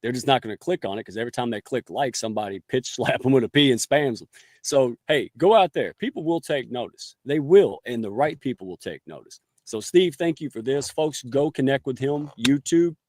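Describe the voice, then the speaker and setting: A man's voice: medium pitch, expressive, a little fast, darkish tone, no echo, studio quality. A man hosting a podcast interview, folksy and enthusiastic, using homespun words. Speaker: podcast host.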